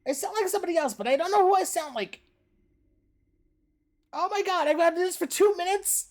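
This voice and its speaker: A woman doing a pinched, strained falsetto impression of a furry red puppet monster who talks about himself in the third person, during gaming livestream commentary. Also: animated, brisk. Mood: strained silly.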